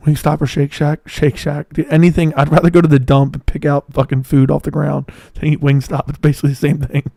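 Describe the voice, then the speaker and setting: A hoarse man hosting a livestream in casual commentary, answering chat with blunt, profane banter. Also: a little high, little pitch movement, fairly quick, few pauses, mellow, no echo, clean studio sound. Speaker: livestream host.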